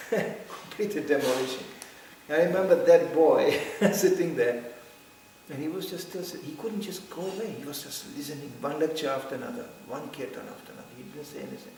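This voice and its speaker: At a devotional gathering, a middle-aged man tells anecdotes from memory, full of laughter and acted-out quotes. His voice is fairly high at a moderate pace; the recording carries a little hiss or hum, heavy room echo, and a far-off mic.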